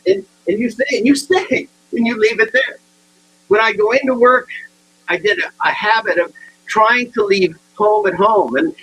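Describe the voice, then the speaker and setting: Heard on a low-quality recording, a motivational speaker with a high-pitched, husky voice that sounds pushed and bright gives a comic talk. He acts out the quotes of people in his stories, hits the same punchlines repeatedly, and often stammers and starts over.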